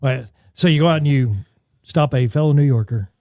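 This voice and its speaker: A man's voice: medium pitch, brisk, warm tone, dry recording, clean studio sound. A man hosting a podcast, asking his guests questions in a friendly, joking way. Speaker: podcast host. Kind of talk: interview questions, casual chat.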